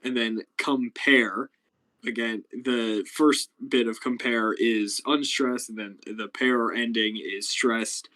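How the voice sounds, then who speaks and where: A man's voice: mid-range voice, steady tone, takes it slowly, hardly any pauses, fairly bright tone, rough recording. A young man hosting a casual live stream chat, explaining things with lots of fillers and restarts. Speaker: podcast host.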